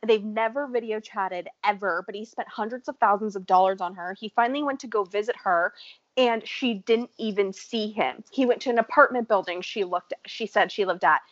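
A woman's voice: medium pitch, fairly quick, no room sound. A woman co-hosting a casual chat, blunt and sarcastic, swearing freely as she gossips. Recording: slightly dull, dry recording.

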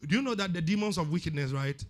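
Ghanaian pastor, high bright voice, emphatic repetitive preaching, soft music under. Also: male voice, animated, quick pace. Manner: emphatic preaching, repeats words for stress. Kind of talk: sermon.

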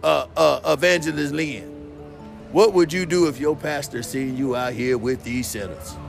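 A man playing a brash, streetwise, defiant man who talks loud, boastful and full of slang in a comedy sketch. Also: medium pitch, moderate pace, gravelly, faint music behind, natural voice. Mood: incredulous.

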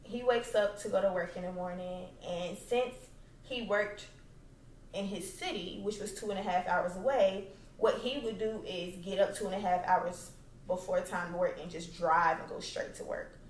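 A woman's voice: lowish voice, normal speed, recorded from a distance, a little hiss or hum. A young woman tells her own story as a podcast host, blunt, cussing freely and hitting her words hard. She sits a little back from the microphone in a room that rings around her voice. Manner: blunt and profane, emphatic. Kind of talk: candid personal storytelling. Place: home. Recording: roomy, away from the mic.

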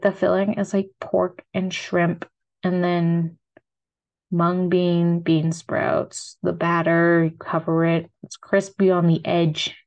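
Young american woman rambling about food, kinda low voice, says like a lot. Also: darkish tone, dull audio. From United States. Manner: rambling, filler-heavy, upbeat. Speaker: food vlogger. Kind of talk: casual solo food chat.

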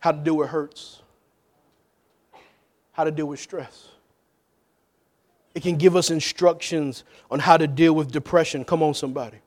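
A man. He drops to near-whispered asides, then climbs into loud, shouted calls to the church. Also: a little high, fairly even intonation, moderate pace, long pauses. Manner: call-and-response preaching, swinging from hushed to shouting. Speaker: pastor. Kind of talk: sermon.

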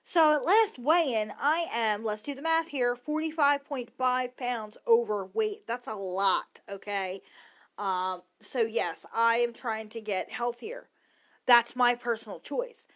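A woman in her thirties, with a fairly high, slightly bright voice, rants at a measured pace on her own podcast. The casual opinion piece is blunt, laced with swearing and stray asides.

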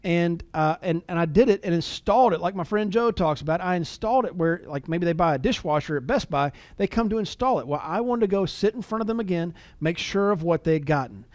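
A man's voice: high voice, expressive, fairly quick, few pauses, darkish tone, no echo. A middle-aged man giving a conversational sales training talk, folksy and full of anecdotes, often repeating words as he acts out calls to clients.

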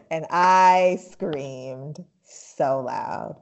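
A woman co-hosting a podcast in casual chat, blunt and excitable, swearing freely. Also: low-pitched, slow pace, lo-fi sound. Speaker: podcast co-host.

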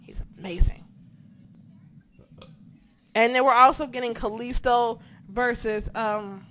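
Excitable swearing woman reviewing wrestling. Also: fairly high pitch, slow, a little hiss or hum. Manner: excitable, swears a lot, loses track of names. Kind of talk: casual chat.

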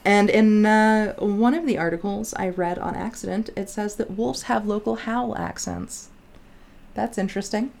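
A woman's voice: mid-range voice, normal speed, gravelly, darkish tone. A woman co-hosting a podcast in casual chat, talking in a rambling, chatty way and often saying "like". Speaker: podcast co-host.

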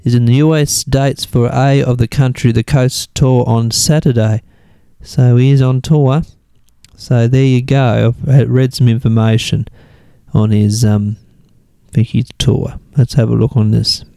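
Rambling Australian radio DJ, mellow voice. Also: male voice, medium pitch, steady tone, unhurried, vocal fry, no echo. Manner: rambling, thinks aloud while searching online. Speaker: radio host. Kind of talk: casual radio DJ chat.

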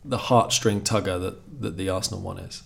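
Lowish voiced guy on a podcast, dry wry remarks, easygoing chat. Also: fairly even intonation, moderate pace, gravelly. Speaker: podcast guest. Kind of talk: casual chat.

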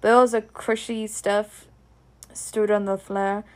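A woman's voice: medium pitch, flat delivery, takes it slowly. A woman with a Scottish accent reading a storybook aloud in broad Scots dialect. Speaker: reader.

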